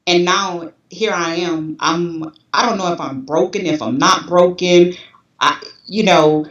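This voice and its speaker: A woman's voice: fairly low pitch, a little slow. A woman in her forties giving a candid, emotional personal testimony, restless and repeating herself as she talks. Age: 40s. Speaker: guest. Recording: roomy, distant, dull sound.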